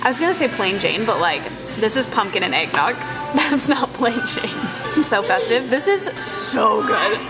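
A woman's voice: fairly high pitch, animated, normal speed, music in the background. A woman co-hosting a casual vlog, bubbly and giggly, talking to a handheld camera. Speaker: vlog co-host. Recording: outdoor camera audio with street noise.

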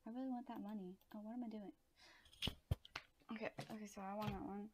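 A woman's voice: mid-range voice, steady tone, fast, pauses often, dark tone, slightly rough. A young woman casually talking through her own gameplay, giggling often and exclaiming to herself as she plays. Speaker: gaming channel host.

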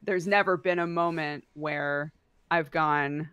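A woman's voice: low-pitched, steady tone, takes it slowly, fairly bright tone, clean tone, no echo. A woman co-hosting a podcast, chatting casually about a manga, laughing often. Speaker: podcast co-host. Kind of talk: casual book club chat.

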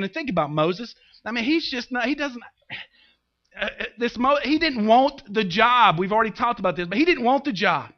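High-voiced, animated male pastor. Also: fairly quick. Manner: animated, conversational preaching with humor and acted-out asides. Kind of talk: sermon. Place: church. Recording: dull lo-fi sermon recording.

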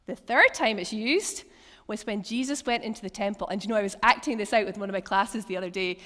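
A woman preacher leading an interactive church teaching session, telling Bible stories with animated asides and acted-out lines. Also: medium pitch, quick pace. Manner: lively, animated storytelling with acted quotes and laughs. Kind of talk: interactive sermon with table activities. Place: church hall. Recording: long church hall reverb.

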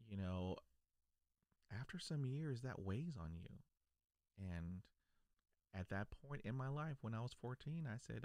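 A man's voice: fairly low pitch, animated, a little slow, pauses often, darkish tone, no echo. A man from South Texas who stutters, telling his own story to camera in an earnest, reflective way. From South Texas, USA. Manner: stutters, with repeated words and broken starts. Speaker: video creator.

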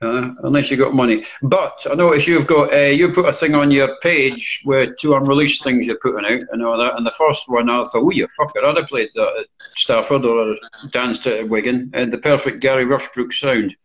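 A man's voice: mid-range voice, steady tone, normal speed, a bit bright, poor audio. An older Scottish man, a DJ guest in a casual interview, talking bluntly and swearing freely. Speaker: guest, DJ and record collector.

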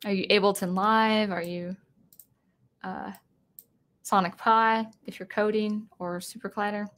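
A woman's voice: mid-range voice, fairly even intonation, measured pace, fairly bright tone. A woman hosting a casual live-stream chat, talking in a rambling way with many restarts and self-corrections. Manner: chatty and reading viewer comments aloud.

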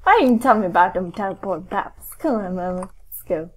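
A woman's voice: mid-range voice, lively intonation, fast talker, a little mellow, a little hiss or hum, poor audio. A woman hosting a let's play of a horror game, talking to herself in a jumpy, nervous way and crying out often. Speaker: gaming channel host.

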